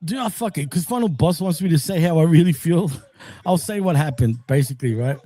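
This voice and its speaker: Casual male streamer, high and mellow, rambling and foul-mouthed. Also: animated, fairly quick, no echo. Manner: rambling storyteller, swears a lot and laughs often. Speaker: stream host. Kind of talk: casual live-stream chat.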